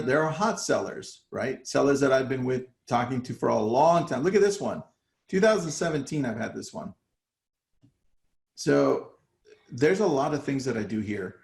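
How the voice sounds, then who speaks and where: A man's voice: mid-range voice, very animated, moderate pace, vocal fry, roomy sound. A man coaching real estate agents in a casual live talk, acting out his phone calls with sellers. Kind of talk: live online training talk.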